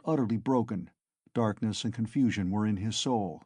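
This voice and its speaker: A man narrating a classic novel as an audiobook, in a measured, dramatic way. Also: lowish voice, darkish tone, slightly rough, no room sound, clean studio sound.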